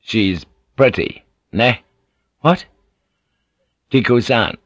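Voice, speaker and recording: A man voicing a wary male English sailor who speaks in careful, halting broken phrases. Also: medium pitch, fairly bright tone, no echo. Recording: dull lo-fi audiobook recording.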